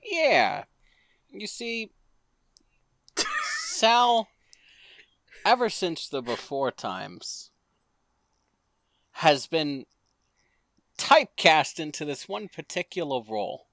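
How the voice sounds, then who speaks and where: A man narrates his character's backstory slowly and deliberately, his pitch rising and falling widely. His voice is bright and recorded close and dry. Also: huge pitch swings, dry recording. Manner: slow, deliberate storytelling. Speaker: player. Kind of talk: narrating a character in a tabletop game.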